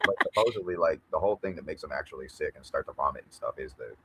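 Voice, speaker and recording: A man with a very deep voice throws in quick, short reactions and casual curses. He talks fast, and loud noise sits under his voice the whole time. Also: lively intonation, vocal fry. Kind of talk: casual chat. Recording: heavy background noise.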